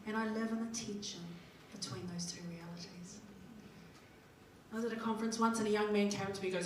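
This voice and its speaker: A woman's voice: mid-range voice, fairly even intonation, quick pace. Middle-aged New Zealand woman, conference speaker, jokey storyteller, heard from a distance in a reverberant hall with room noise. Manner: chatty, jokey, acts out little dialogues. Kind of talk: humorous motivational talk. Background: audience laughing.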